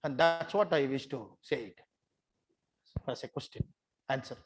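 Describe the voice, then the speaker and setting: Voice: mid-range voice, a little slow, husky. A theatre facilitator gives a conference talk. The speaker repeats phrases and coaxes the audience to take part.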